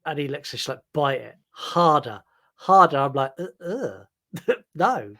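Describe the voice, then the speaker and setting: A man's voice: a little high, very animated, a little slow, fairly bright tone. A man co-hosting a podcast, chatting casually and rambling through a film recap with many "like"s and "um"s. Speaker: podcast co-host.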